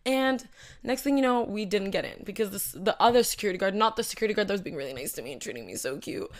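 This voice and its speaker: Young woman chatting away, rambly story mode, tons of "like"s, ordinary middle pitch. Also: quick pace. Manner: rambling, animated, lots of "like" and asides. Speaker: host. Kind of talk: casual storytelling chat.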